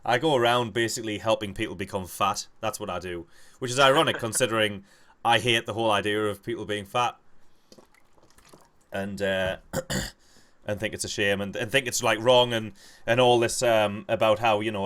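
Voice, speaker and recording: A young man chats with friends while playing a game. His voice sits a little low but comes out bright and forceful. He swears freely and rambles through animated anecdotes. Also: moderate pace. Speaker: gamer playing with friends over voice chat. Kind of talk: casual gaming chat.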